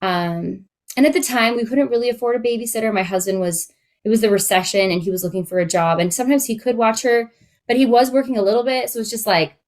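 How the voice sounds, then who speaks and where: A woman's voice: a little high, fast talker, a little mellow. Chatty woman life coach, late thirties. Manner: chatty and candid, many fillers. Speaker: podcast co-host and life coach. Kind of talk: casual podcast chat.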